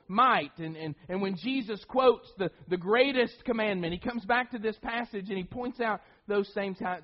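A man's voice: high-pitched, highs cut off. A man preaching a sermon, emphatic, often repeating words and restarting phrases.

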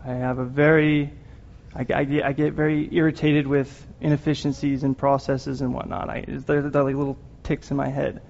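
A man's voice: mid-range voice, level tone, normal speed, gravelly, a little mellow, slight background noise. A man giving an earnest, emotional sermon, rambling at times with restarts and apologies. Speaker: lay preacher. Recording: dull lo-fi recording.

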